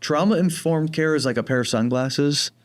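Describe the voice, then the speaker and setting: A man from New Jersey with a light New Jersey accent, a program director giving calm, jokey explanations in a podcast interview. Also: fairly high pitch, moderate pace. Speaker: program director of teen residential treatment.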